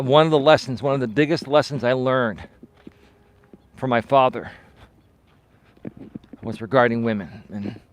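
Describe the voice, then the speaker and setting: Walking outside, a life coach shares a personal story live, candid and lively, becoming loud and heated as he goes. His voice is male and medium-pitched, with slight background noise behind it.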